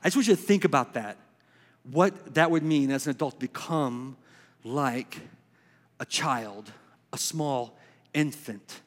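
A man preaching a sermon, swinging between quick emphatic bursts and slow, hushed lines. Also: mid-range voice. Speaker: pastor. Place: church sanctuary. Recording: long reverb of a church hall.

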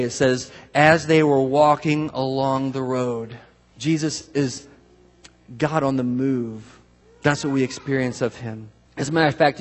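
A man preaching a sermon in a conversational, animated way, acting out voices of people he quotes. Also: medium pitch. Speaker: pastor. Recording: long hall reverb.

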